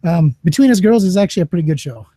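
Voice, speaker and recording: A man chats casually on a podcast livestream and cracks crude jokes. His voice is mellow and slightly high, and it sounds dry and close. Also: expressive, quick pace, no echo. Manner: crude, wisecracking.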